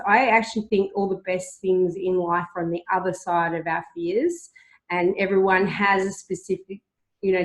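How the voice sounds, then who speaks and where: A woman hosting an interview, talking in an encouraging way with frequent ums. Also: on the low side. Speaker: host. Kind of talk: casual interview chat.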